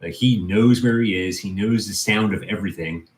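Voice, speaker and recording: A man's voice: fairly low pitch, moderate pace. A man hosting a casual livestream, rambling and restarting as he chats with viewers and his cat. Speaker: livestream host.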